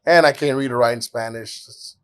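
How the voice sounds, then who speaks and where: A man's voice: medium pitch, a little fast, clean tone. A man hosting a podcast in casual chat, joking and poking fun at himself. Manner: joking, self-deprecating.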